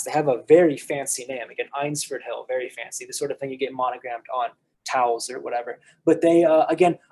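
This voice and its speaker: Soft-toned American man teaching a class. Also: a little high, rough recording. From United States. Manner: conversational, frequent restarts and fillers. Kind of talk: casual lecture on a play.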